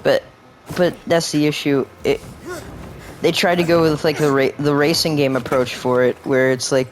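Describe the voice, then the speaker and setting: A man's voice: a little high, fairly even intonation, normal speed. A man giving rambling gameplay commentary at home, full of fillers, restarts and swearing when annoyed. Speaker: gaming video creator.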